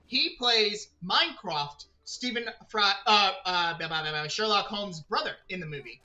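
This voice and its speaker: Bright-voiced chatty gaming streamer. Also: male voice, high voice, lively intonation, moderate pace, dull audio. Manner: rambling, chatty, talks to chat and to himself. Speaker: streamer playing a video game. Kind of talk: casual gaming livestream chat.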